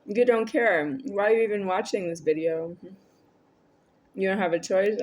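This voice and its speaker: A woman's voice: medium pitch, normal speed, a little hiss or hum. A woman vlogging a rambling, argumentative monologue to camera, addressing an unseen listener.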